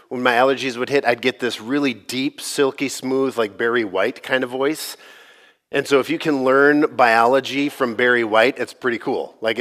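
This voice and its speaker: Allergies leave this pastor's voice a little gravelly, though its tone stays fairly bright at a medium pitch. He preaches casually, cracking jokes and talking to the congregation as if in conversation.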